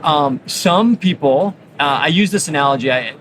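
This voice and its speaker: A middle-aged man with a slightly raised pitch tells anecdotes with lively energy. He fills his speech with casual asides. A noisy convention floor hums behind him. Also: normal speed. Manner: energetic, anecdotal, frequent fillers. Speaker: orthodontist guest. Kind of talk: animated storytelling in conversation. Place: busy exhibit hall floor.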